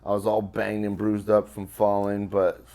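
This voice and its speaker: Here a man with a low, monotone, dark-toned voice speaks at normal speed. He's a guest in an interview, relating a personal story in casual, profane language stuffed with fillers.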